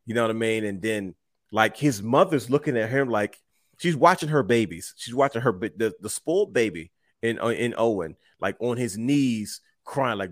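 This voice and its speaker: A man co-hosts a casual wrestling podcast, retelling matches as an animated storyteller who acts out quotes. His medium-pitched voice moves at normal speed, recorded in a clean studio with no room sound.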